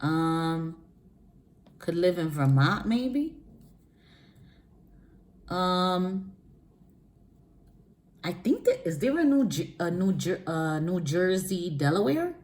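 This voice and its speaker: Low-voiced woman chatting about spirituality. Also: very animated, slow, long pauses, darkish tone. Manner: rambling, chatty, frequent restarts; laughs often between phrases. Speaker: spiritual reader. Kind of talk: casual spiritual vlog talk.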